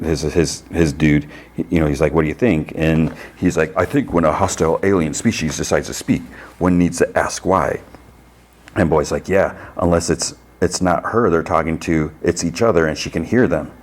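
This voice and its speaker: A man with a deep, low voice talks through a TV episode in a loose, rambling way. He quotes the characters' lines and nudges his voice a little for each of them. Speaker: podcast host recapping a TV episode. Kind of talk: casual episode recap.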